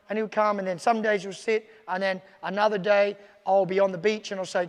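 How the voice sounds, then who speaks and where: A man's voice: high voice, level tone, fairly quick, few pauses, big-room sound. A man teaching dog training in a casual video, emphatic and repetitive, often acting out commands aloud. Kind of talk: casual instructional video talk.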